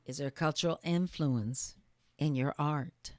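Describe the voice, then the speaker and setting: Brief: male host, higher voice, hesitant delivery reading a viewer question, dry close sound. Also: a little slow, no echo. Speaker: interview host.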